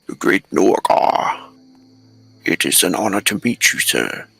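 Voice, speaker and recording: A man's voice: sits low, sing-song, unhurried, creaky, fairly bright tone, husky, no room sound, full character voice, rough recording. A man voicing a courteous, heavily armored male holy warrior who speaks formally and respectfully.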